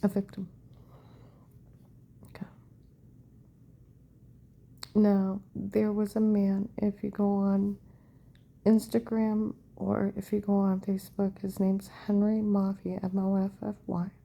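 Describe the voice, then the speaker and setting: Woman, husky and dark-toned, rambling monologue that keeps sinking to a whisper. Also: mid-range voice, monotone, takes it slowly, long pauses. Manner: often drops to a hushed whisper; fragmented, repetitive phrasing. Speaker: vlogger telling a personal account.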